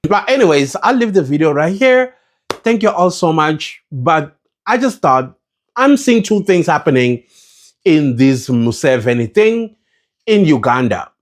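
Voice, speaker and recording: A man's voice: a little high, sing-song, a little slow. A South African man with a South African accent giving his opinions in a casual vlog, talking passionately and putting questions to his viewers. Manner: impassioned, rhetorical, addresses viewers as guys. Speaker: vlogger.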